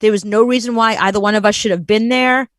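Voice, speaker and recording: A woman's voice: medium pitch, quick pace, no room sound. A woman co-hosting a show, telling a story in casual chat and acting out the people she quotes. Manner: animated, acts out quoted voices. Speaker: co-host.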